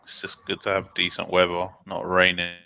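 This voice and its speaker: A man chatting easily on a podcast, relaxed and laughing. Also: low-pitched, normal speed, creaky, highs cut off, noisy background. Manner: easygoing, laughing. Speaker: podcast guest. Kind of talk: casual chat.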